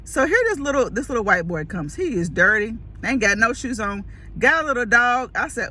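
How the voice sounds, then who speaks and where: Animated woman telling a story. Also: fairly high pitch, fairly quick, slight background noise. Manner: animated, acts out quoted voices, laughs often. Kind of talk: casual storytelling to camera.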